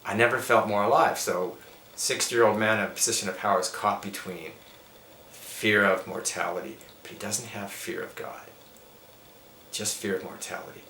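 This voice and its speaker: A middle-aged man talks in an emphatic, preaching way as a yoga teacher being interviewed, building his ideas point by point. His voice is fairly low but bright and forceful. The room rings with echo, and a faint hiss sits under the recording. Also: fairly even intonation, normal speed. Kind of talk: spiritual interview talk. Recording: echoey room with faint background noise.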